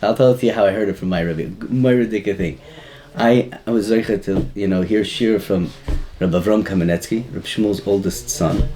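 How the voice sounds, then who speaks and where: A man's voice: fairly low pitch, normal speed, mellow, a little hiss or hum. A man giving an informal Torah class, rambling and chuckling as he mixes in Hebrew and Yiddish terms. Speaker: Torah teacher.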